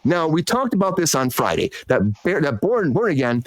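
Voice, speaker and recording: A man hosting a casual entertainment news podcast, rambling, excitable and swearing freely. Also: a little high, normal speed, no room sound. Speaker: podcast host.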